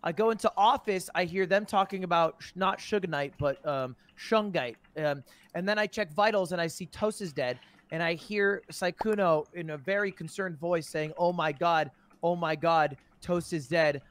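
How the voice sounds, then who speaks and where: A man telling what he saw in a casual game chat, in a measured way. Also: high voice, a bit bright. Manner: storytelling, measured recounting. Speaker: gamer.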